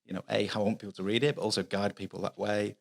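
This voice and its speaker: Fast-talking Mancunian man, low voice. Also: little pitch movement, gravelly. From Manchester, England. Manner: chatty, earnest, explains at length with restarts. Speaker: children's author guest. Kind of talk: casual podcast interview.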